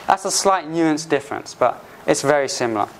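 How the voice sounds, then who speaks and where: A man teaching English phrases to learners, patiently repeating examples slowly and restarting often. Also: a little high, expressive. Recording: faint background noise.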